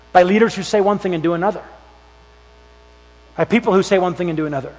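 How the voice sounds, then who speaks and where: A man preaching a sermon as pastor, animated and acting out the voices of the people in his stories. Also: high voice. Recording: long hall reverb.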